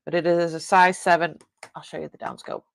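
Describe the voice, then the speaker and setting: A woman's voice: lowish voice, little pitch movement, brisk, vocal fry. A woman hosting a live online jewelry sale, chatting casually with viewers and rambling, often breaking off mid-sentence. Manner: chats with viewers reading comments.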